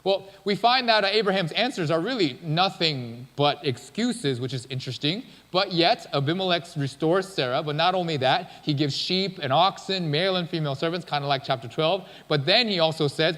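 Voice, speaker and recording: A male pastor delivering a sermon in a loose, chatty way, with a fairly high voice for a man. His words carry a long reverb from the church sanctuary around him. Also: moderate pace, few pauses, fairly bright tone. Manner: casual, conversational storytelling.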